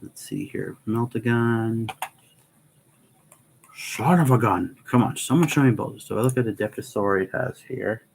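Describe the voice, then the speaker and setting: A man's voice: lowish voice, steady tone, normal speed, vocal fry, hardly any pauses, a little mellow, slight background noise, poor audio. A man hosting a casual livestream, thinking aloud with restarts and reading out game stats. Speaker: livestream host.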